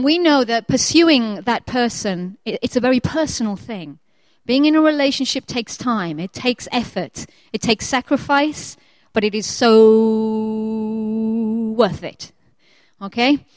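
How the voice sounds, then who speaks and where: A woman preacher in her thirties telling a chatty personal story with animated quoted voices before turning to her sermon. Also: on the high side, dry recording.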